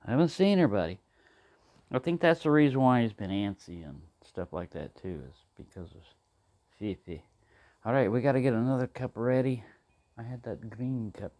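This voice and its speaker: An outdoor cooking vlogger talks casually to the camera while he cooks, rambling, chatting to himself and replying in silly voices. His mid-range voice is animated and darkish, at a moderate pace.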